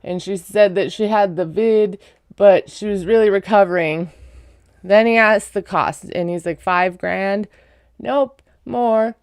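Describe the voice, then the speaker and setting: A woman's voice: medium pitch, moderate pace, darkish tone, no room sound, clean studio sound. Chatty woman doing a sarcastic TV recap. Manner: chatty, sarcastic asides, frequent "like". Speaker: reality TV recap vlogger. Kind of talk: casual recap commentary.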